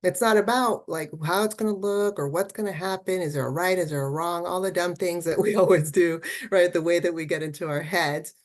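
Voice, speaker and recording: A woman's voice: on the low side, a little fast, hardly any pauses. A woman art therapist giving a festival talk, encouraging and conversational, often checking in with "right?".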